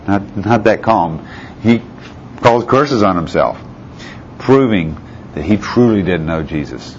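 A man with a deep, low voice delivers a sermon. He reads out scripture and keeps asking his listeners questions. The recording is a little muffled, with a faint hiss behind it. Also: lively intonation, slow pace. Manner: asks the listeners rhetorical questions. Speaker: preacher.

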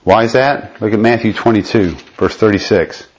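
Lower-voiced man teaching a Bible study. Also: normal speed, husky. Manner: explanatory, often checks in with listeners. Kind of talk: conversational Bible study lesson. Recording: dull lo-fi recording.

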